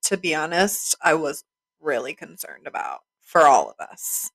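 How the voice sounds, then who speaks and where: Lively, bright-voiced young woman in banter. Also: low-pitched, a little slow. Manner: competitive, jokey, chimes in and finishes stories. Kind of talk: casual chat.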